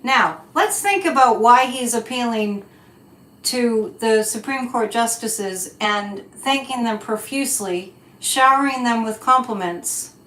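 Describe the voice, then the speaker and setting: An American woman with a slightly high, somewhat bright voice hosts a psychic livestream, chatting casually as she reads viewer comments. She sounds indignant and emphatic, speaking slowly and deliberately. The room is echoey.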